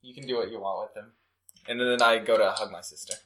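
A man's voice: lowish voice, steady tone, fast, fairly bright tone, a little hiss or hum. Playful man playing a tabletop game. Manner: playful, joking. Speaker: player. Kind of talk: casual tabletop game chat.

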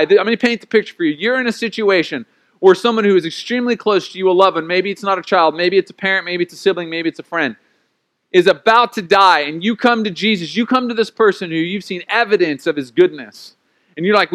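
A man preaching a sermon in a lively, conversational way, with playful acted asides. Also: sits high, brisk. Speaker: pastor.

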